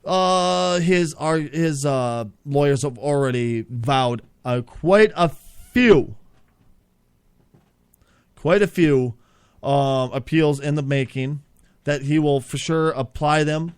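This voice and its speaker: A man's voice: on the high side, slow, clear, resonant tone, no echo. A man hosting an improvised comedy show, ranting in a profane, exasperated, rambling way.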